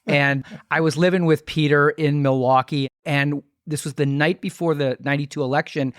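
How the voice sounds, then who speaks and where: A man's voice: fairly high pitch, steady tone, moderate pace, no echo, studio quality. A middle-aged man hosting a podcast, swapping rambling anecdotes in casual chat. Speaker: podcast host.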